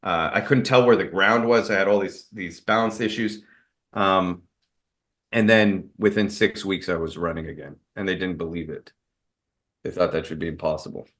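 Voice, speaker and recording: A man's voice: sits low, fairly even intonation, moderate pace, a bit bright. A man guest on an interview show, talking candidly and rambling with fillers and restarts. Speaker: guest, martial arts expert. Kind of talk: casual interview storytelling.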